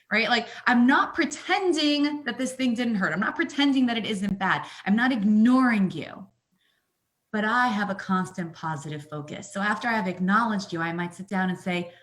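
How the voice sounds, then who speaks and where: An energetic woman guest on a talk show, speaking at a middle pitch. She tells stories with animated emphasis and keeps pressing her points with lively conviction. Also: moderate pace. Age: adult, mother of young children. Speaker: guest, coach.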